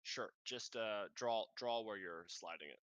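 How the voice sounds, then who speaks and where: A man's voice: lowish voice, a bit bright, clean tone, dry recording. A man narrating a tabletop game as game master, often stopping and restarting his sentences. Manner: halting, restarts mid-sentence.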